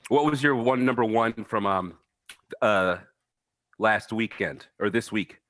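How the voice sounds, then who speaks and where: A man's voice: on the low side, a little slow, fairly bright tone. A man co-hosting a casual podcast, playful and goofy, laughing often. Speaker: podcast co-host. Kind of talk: casual chat.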